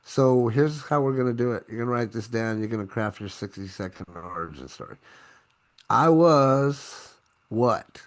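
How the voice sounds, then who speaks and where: A man hosting an online training session, coaching in an energetic, exclamatory way. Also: fairly low pitch, a little fast, few pauses. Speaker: host.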